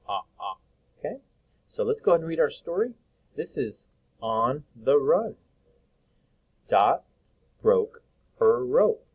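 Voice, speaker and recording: A male teacher leading a reading lesson for young children, slowly sounding out vowels and words. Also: on the low side, slightly rough. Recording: phone-like lo-fi sound.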